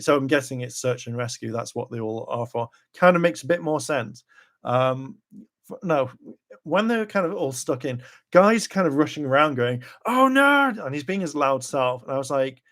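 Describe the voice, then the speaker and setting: A man hosting a casual live reaction video, rambling with lots of fillers and acting out characters' lines in quick bursts. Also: mid-range voice. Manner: rambling, heavy with "kind of" and "like" fillers.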